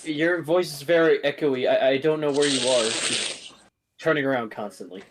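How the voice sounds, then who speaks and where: A man's voice: mid-range voice, moderate pace, noisy background. A man as dungeon master, narrating a tabletop game in a loose, filler-heavy way.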